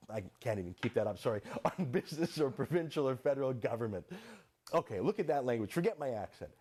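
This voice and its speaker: A man's voice: medium pitch, expressive, fast talker, darkish tone. A man delivering sarcastic political commentary, full of rhetorical questions.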